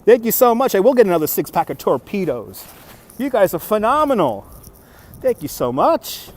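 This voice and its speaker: A man hosts a casual nighttime walking livestream through city streets, upbeat and thanking viewers for their donations. He records on a phone mounted on a handheld gimbal. His voice sits high, swings widely in pitch, and moves at normal speed.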